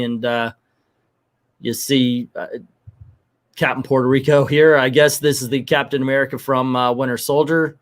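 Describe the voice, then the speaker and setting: A man reviewing a comic book on a live show, talking in a rambling, animated way that breaks into rants. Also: mid-range voice, moderate pace, pauses often.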